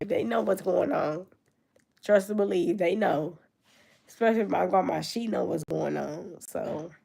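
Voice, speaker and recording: A woman's voice: mid-range voice, gravelly, a little mellow. A young woman talking casually and reflectively to camera in a room at home, loose and conversational with many fillers. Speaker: vlogger. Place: her grandmother's room at home.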